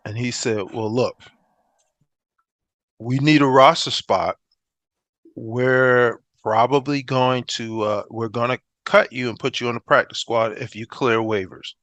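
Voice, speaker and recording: A middle-aged man spins stories in a relaxed interview, jumping into the voices of the people he quotes. His voice sits in an ordinary middle pitch. The sound is close and dry, with no room around it. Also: unhurried, no echo. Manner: animated storyteller who acts out quoted dialogue. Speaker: interview guest, former pro football player. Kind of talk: casual storytelling interview.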